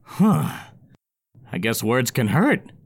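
A man voicing a scrappy little male goblin adventurer in a high, squeaky, excitable voice. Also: takes it slowly, slightly rough, no echo, exaggerated voice. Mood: wry.

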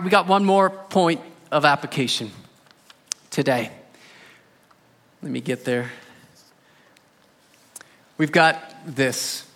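A man's voice: fairly high pitch, sharp tone, long reverb tail. A man preaching a sermon as pastor, telling stories in a conversational way and rising in emphasis on key points.

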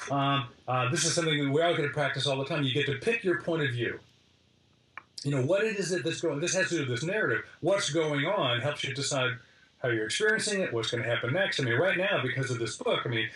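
Middle-aged male guest, lively storyteller, slightly high voice, distant and roomy. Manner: lively, restarts phrases, summarizes points in lists. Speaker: guest, design lecturer. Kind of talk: animated interview storytelling.

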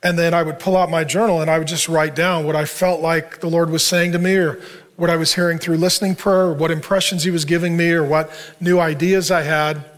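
A man's voice: a little high, little pitch movement, brisk, a bit bright. A middle-aged man preaching a sermon, telling a personal story in an earnest, conversational way. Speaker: pastor. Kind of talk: sermon to a men's group.

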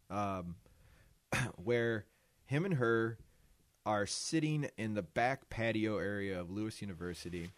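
Animated, profane male podcast storyteller. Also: on the low side, dry recording. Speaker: podcast co-host. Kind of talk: casual storytelling chat.

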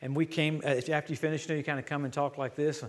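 A man's voice: on the high side, level tone, fast. A middle-aged man from Louisiana, a traveling preacher giving a sermon in a church, telling stories with quoted dialogue.

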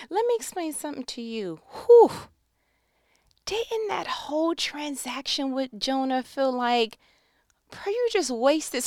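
A woman's voice: sits high, no echo, clean studio sound. A woman preacher giving a casual, slangy, joking sermon.

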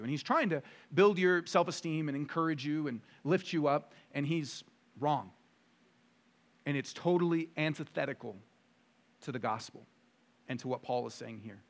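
A man preaching a sermon as pastor, emphatic and full of rhetorical questions, moving between quiet stretches and loud bursts. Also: a little high, moderate pace.

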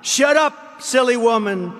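A man's voice: extremely high pitch, lively intonation, unhurried, fairly bright tone, voice pushed up, heavily acted. A vicious snake, as a man reads him out. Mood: sneering. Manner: sing-song pleading refrain. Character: sly, vicious snake pleading to be let in. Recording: reverberant hall.

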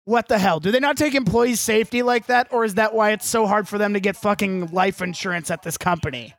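A man's voice: sits high, fast, a bit bright, no room sound. A man co-hosting a podcast, recapping a film in casual comedic chat and acting out scenes in silly voices.

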